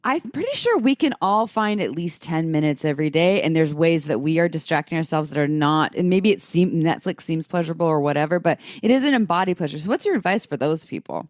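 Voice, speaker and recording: A chatty woman hosting a casual podcast, self-deprecating and quick to laugh. Her voice sits on the low side, and the sound is dry and close, with no room around it. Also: animated, dry recording. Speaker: podcast host.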